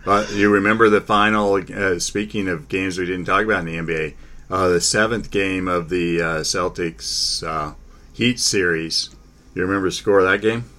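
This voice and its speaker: A man hosting a casual sports talk chat, halting, with many fillers and restarts. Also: low-pitched, steady tone, pushed and bright.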